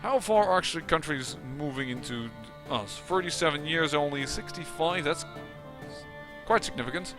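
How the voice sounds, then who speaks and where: A man's voice: on the high side, normal speed, music in the background. A man giving casual, musing commentary on a strategy game, with occasional exasperated outbursts. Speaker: let's play commentator.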